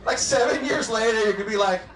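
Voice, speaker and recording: A man in his thirties performing a stand-up comedy set on a club stage, acting out his family's lines in quick animated bursts. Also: high-pitched. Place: comedy club stage before a live audience. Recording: roomy club sound.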